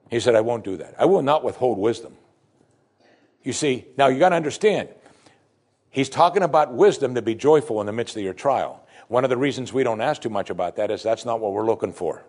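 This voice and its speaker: A man preaching a sermon, animated, swinging between loud emphasis and soft, quiet asides. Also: mid-range voice, husky.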